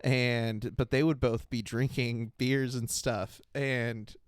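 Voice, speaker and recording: Rambling podcast host, smooth and dry. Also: male voice, mid-range voice, steady tone, takes it slowly, no room sound. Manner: rambling, trails off and laughs often. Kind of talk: casual chat.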